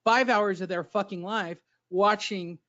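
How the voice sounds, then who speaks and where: Brash, crude high-voiced man. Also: steady tone, measured pace, fairly bright tone. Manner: brash and crude, needling his co-host. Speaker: boxing podcast co-host. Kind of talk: casual chat. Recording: dull lo-fi audio.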